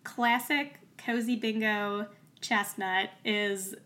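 A woman co-hosting a casual book podcast, jokey and animated, acting out characters as she retells the story. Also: mid-range voice, slow. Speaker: podcast co-host. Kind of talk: casual book-review chat.

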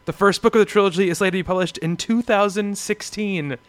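A man's voice: sits high, brisk, no room sound. A man hosting a comics podcast, reading out news items and laughing often in casual chat. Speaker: podcast host.

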